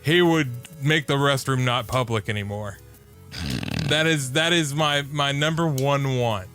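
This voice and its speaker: A man co-hosting a podcast, telling a crude story in relaxed, casual chat. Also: mid-range voice, unhurried, faint music behind. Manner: laid-back, crude humor. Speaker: podcast co-host.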